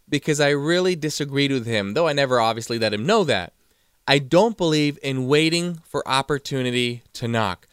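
A man's voice: mid-range voice, a bit bright, clean tone, dry recording, clean studio sound. A man giving a motivational talk, telling stories and acting out the quoted voices. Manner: storytelling, acts out quoted voices. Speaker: motivational speaker.

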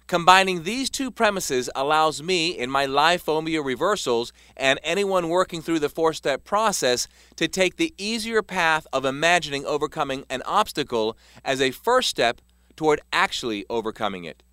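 A man reading a self-help text aloud as scripted narration, measured and emphatic. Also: on the high side, lively intonation, sharp tone, smooth, no room sound, studio quality. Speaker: author narrating his self-help book.

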